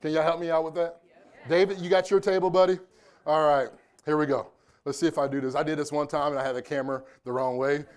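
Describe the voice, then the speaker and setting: A keynote speaker in his forties from Indianapolis, United States, gives a live motivational keynote in a conference room, chatty and joking with the audience. His voice is on the high side with a steady tone, fairly quick with long pauses, and a faint crowd is audible.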